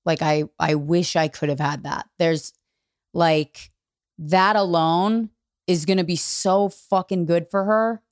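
A woman comedian guesting on a podcast, her voice sitting a little low. She talks candidly and animatedly, swearing freely. The sound is dry and close to the mic. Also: slow, clean tone, no room sound. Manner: candid, profane, animated storyteller. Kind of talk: casual podcast conversation.

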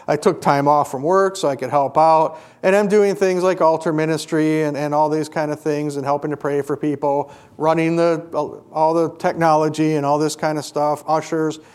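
A middle-aged male preacher delivering a sermon and telling a personal story, earnest, rising to emphatic peaks and dropping quiet. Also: fairly high pitch, level tone, normal speed, hardly any pauses, clean tone.

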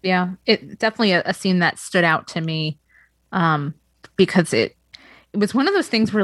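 A woman's voice: on the low side, animated, moderate pace, fairly bright tone, no echo. A woman on a film podcast talking about a scene, wry and dropping laughing asides. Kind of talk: casual film discussion.

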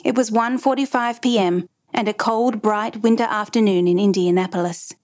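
A woman reading a dramatic true story aloud in measured, even narration. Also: mid-range voice.

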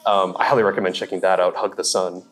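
Young male comedy guest, fairly low voice, rambling and animated, casual podcast chat. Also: fast. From Seattle. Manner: rambling, animated, lots of fillers and laughs.

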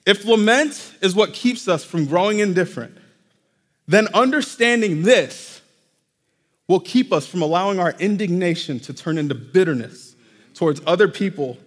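A man preaches from the pulpit, and his voice sits fairly high. He talks to the congregation in a conversational way, checking in with them as he goes. Long reverb from the church hall trails after his words. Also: expressive, normal speed. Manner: conversational, addresses congregation directly. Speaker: pastor. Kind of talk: sermon. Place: church sanctuary.

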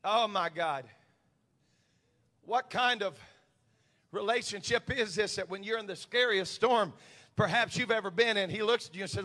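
A male pastor preaching a sermon, swinging from quiet confiding talk to shouted, impassioned preaching. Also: high-pitched, normal speed, pauses often.

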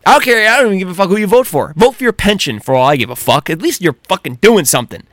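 High-voiced ranting podcast man. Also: lively intonation, quick pace, no echo, clean studio sound. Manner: profane, heated, shouting outbursts. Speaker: podcast host. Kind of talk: angry solo podcast rant.

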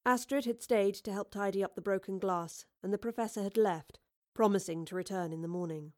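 Woman narrating a book, steady and measured, middle pitch, dry close mic. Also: no echo. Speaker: audiobook narrator. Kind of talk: scripted narration.

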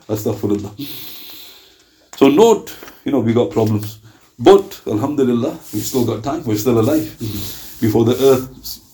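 A man giving an informal religious talk as a preacher, lively and joking, laughing often and acting out dialogue. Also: a little high.

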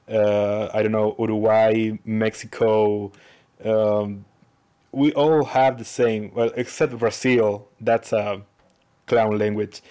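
A man's voice: on the low side, darkish tone, clean tone. A man from Chile, a guest on a podcast, chatting casually and plainly.

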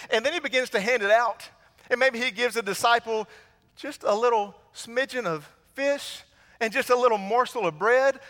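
Male preacher, storytelling sermon, tense bright tone, church reverb. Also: extremely high pitch, normal speed. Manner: storytelling, rhetorical questions to the congregation. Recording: long hall reverb.

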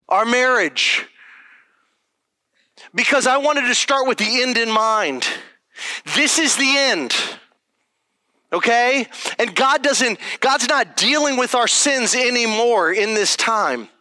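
A man delivers a sermon as a pastor, talking to his congregation plainly and with emphasis. His voice sits high and sounds bright and keen. The sound is close and dry. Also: animated, unhurried, long pauses, dry recording. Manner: conversational and emphatic, checking in with "okay?".

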